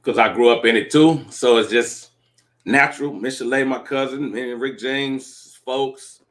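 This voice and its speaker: A man's voice: medium pitch, fairly even intonation, a little slow, a bit bright. Easygoing middle-aged man reminiscing. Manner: easygoing, reminiscing, loose and conversational. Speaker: father and music manager. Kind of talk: casual interview answer.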